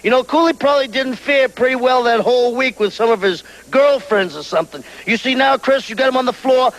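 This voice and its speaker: A man with a very high voice talks over match footage as a wrestling manager. He coaches his wrestler and sneers at the crowd. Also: fairly quick, a bit bright, low-quality recording. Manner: smooth, scornful, coaching.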